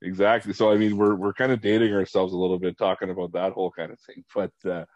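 A man's voice: deep voice, flat delivery, quick pace, darkish tone, dry recording. A man hosting an interview, chatting in an affable way while asking his guest questions. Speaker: podcast host. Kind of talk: conversational interview. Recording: dull, dry lo-fi audio.

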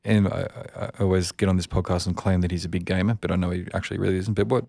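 A man's voice: deep voice, steady tone, very fast, vocal fry, dark tone, no room sound, clean studio sound. A middle-aged man hosting a podcast in casual interview chat, rambling and restarting his questions. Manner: rambling, repeats words when starting questions. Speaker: podcast host.

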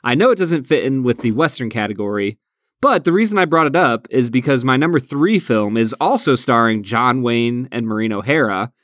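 A man's voice: medium pitch, lively intonation, fairly quick, fairly bright tone, dry recording, clean studio sound. A man co-hosting a podcast, talking earnestly and restarting his sentences. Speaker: podcast co-host. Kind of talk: casual chat.

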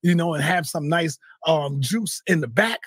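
A man telling a heated, profane story in casual talk, often shouting. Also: on the high side, normal speed, slightly rough, dry recording, clean studio sound. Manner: swears a lot, heated. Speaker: guest. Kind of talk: animated storytelling.

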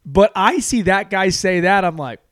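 A man delivering a profane, rambling comedy monologue in a slightly raised voice. His pitch leaps around in an animated way as he riffs. The sound is dry and close to the mic. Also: normal speed, dry recording.

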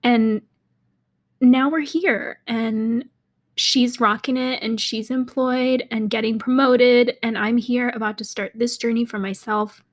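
A woman's voice: on the high side, fairly even intonation, slow. A young woman hosting a casual solo podcast, chatty and rambling, laughing often and dropping into half-whispers. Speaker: podcast host. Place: apartment in a city.

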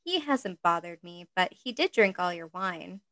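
A woman's voice: on the low side, animated, measured pace, fairly bright tone, dry recording. Pansy, a woman doing an exasperated scolding young woman. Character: sharp-tongued young woman, a fashion designer.

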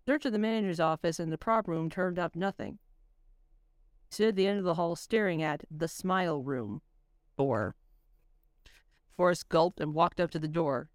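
A woman reading her own spooky story aloud on a voice call, in a measured storytelling manner. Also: fairly low pitch, no echo, studio quality. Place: home voice chat. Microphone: computer mic on a voice call.

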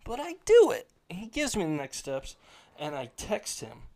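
A man's voice: sits high, wildly swooping pitch, moderate pace, a little mellow. A young man co-hosting a casual podcast, telling a crude, mocking story with lots of energy. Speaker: podcast co-host. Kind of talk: casual chat.

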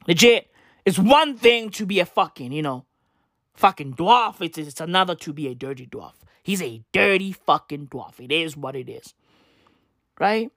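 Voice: mid-range voice, animated, moderate pace, fairly bright tone, no echo. Comedy rant host, rambling, slang-heavy, disbelieving, dry sound. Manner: rambling, incredulous, profane, slangy. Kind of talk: profane comedic commentary rant.

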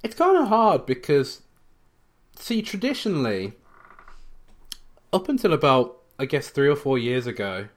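A man co-hosting a casual podcast, drifting through anecdotes with plenty of ums and restarts. His voice sits at an ordinary middle pitch. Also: wildly swooping pitch, unhurried, long pauses. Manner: rambling storyteller, many fillers and restarts. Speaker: podcast co-host. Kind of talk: casual chat.

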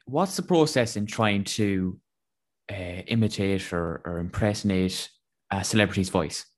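A man's voice: low voice, unhurried. A man interviewing guests, asking searching questions and adding brief murmurs of agreement.

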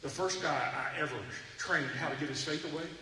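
A man's voice: a little high, brisk. A man preaching a sermon from Texas, telling stories and acting out the voices of the people in them. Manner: animated, acts out voices in his stories. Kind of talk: storytelling sermon. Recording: echoey hall from far off, noisy.

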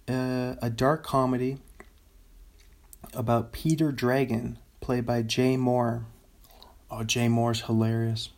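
A young man casually chatting on his own while reading out movie listings, rambling with chuckling asides. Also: medium pitch. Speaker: solo video host. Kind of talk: casual chat reading out a filmography.

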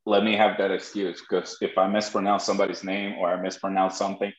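A man's voice: sits low, flat delivery, fast talker. A man with a Spanish accent hosting a podcast, joking and telling stories in casual chat. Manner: joking, storytelling, laughs often. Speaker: podcast host. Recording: dull lo-fi roomy sound.

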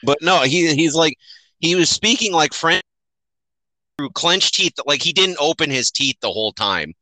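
Bright, sharp-toned man mocking a movie. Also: on the high side, animated, moderate pace, dry recording, rough recording. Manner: swearing, laughing, exasperated mockery. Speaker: podcast host. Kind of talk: casual movie review chat.

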